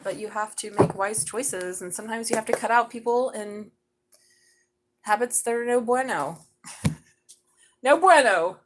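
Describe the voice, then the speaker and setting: A middle-aged woman doing a live tarot reading, chatty and excitable, swearing casually as she talks. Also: fairly high pitch, slight background noise, rough recording. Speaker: tarot reader.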